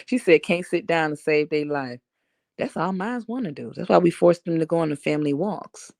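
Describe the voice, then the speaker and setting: Woman, New York accent with Southern drawl, lowish voice, lively swinging intonation, blunt and laughing, dry close phone sound. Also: normal speed, creaky, long pauses, no room sound. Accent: New York with some Southern drawl. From Harlem, New York. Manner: blunt, animated, laughs often, slangy. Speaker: livestream host reading chat comments. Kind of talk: casual livestream chat.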